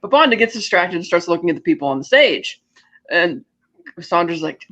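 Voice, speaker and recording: Higher-voiced man recapping a film. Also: big pitch swings, bright, forceful tone. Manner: retells scenes with quick offhand character voices. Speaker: podcast co-host. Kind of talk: casual movie recap chat. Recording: dull lo-fi audio.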